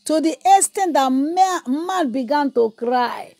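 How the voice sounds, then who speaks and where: A woman evangelist preaching with a high voice. She presses her points through emphatic repetition and breaks into fiery prayer. The sound is dry and close, with no room echo. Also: lively intonation, slow pace. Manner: emphatic and repetitive, shifting into loud praying in tongues.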